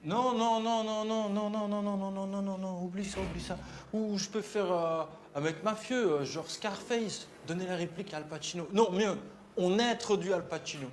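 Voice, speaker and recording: An actor as a pushy, excitable young man. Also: high-pitched, brisk, slight background noise, lightly acted. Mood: eager. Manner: excitable, pushy, full of ideas. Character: eager young man pitching his own demo tape.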